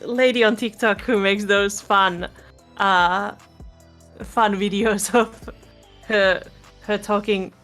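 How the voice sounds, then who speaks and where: A woman with a middle-pitched voice, chatting as a guest in an online board game. She talks in quick runs, laughs between words, and often restarts, heard through a home microphone on a video call. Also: fairly even intonation, fairly bright tone, faint music behind. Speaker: guest player. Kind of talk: casual chat while playing online.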